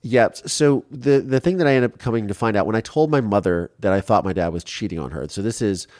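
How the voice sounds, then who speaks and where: A man in his forties from Ohio, telling his life story in an interview in an animated way, acting out quotes and restarting often. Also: lowish voice, fairly quick, dry recording, clean studio sound. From Ohio, USA.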